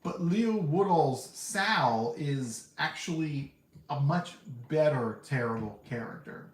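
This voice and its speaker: A man's voice: on the high side, expressive, slow pace. Rambling man reviewing films in a roomy echo. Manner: rambling, candid, laughs often. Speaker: podcast host reviewing films. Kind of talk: casual movie review chat. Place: seated indoors. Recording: roomy echo, faint background hum.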